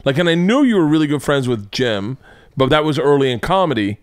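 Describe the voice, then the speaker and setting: A man's voice: fairly high pitch, fairly quick, clear, resonant tone, no room sound, studio quality. A man hosting a podcast in casual chat, rambling with lots of fillers and restarts. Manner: animated, rambling with many fillers. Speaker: podcast host.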